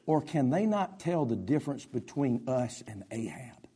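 Preacher guy, raspy gravelly voice, goes from loud to hushed. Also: mid-range voice, big pitch swings, moderate pace. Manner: impassioned preaching with big swings in loudness. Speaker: pastor. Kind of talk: sermon.

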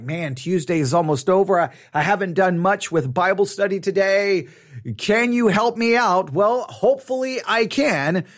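A man, a pastor hosting a live Bible study podcast, talking in an earnest, conversational way with frequent restarts. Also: sits high.

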